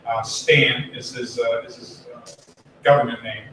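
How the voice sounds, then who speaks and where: A man giving a relaxed, conversational Buddhist sermon, telling a story and acting out the people in it. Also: medium pitch, a little slow. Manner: chatty, acts out quoted voices, swears casually. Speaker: Buddhist minister. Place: temple hall. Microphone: distant room mic. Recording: very echoey hall, from far off, faint room noise.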